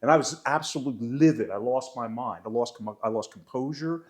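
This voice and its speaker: A man, co-hosting a podcast and telling animated referee stories in casual chat. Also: mid-range voice, brisk. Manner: animated, gets loud and excited telling stories. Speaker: podcast co-host, sports referee.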